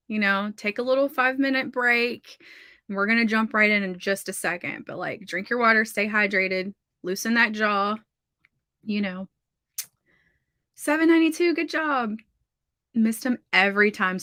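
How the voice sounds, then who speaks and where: A woman's voice: medium pitch, sharp tone, no room sound, studio quality. A woman with a Southern accent hosting a livestream writing session, chatting casually and reading out viewer comments, gushing and saying "like" a lot. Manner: chatty, gushing, heavy use of "like". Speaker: livestream host of writing sprints. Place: her home office.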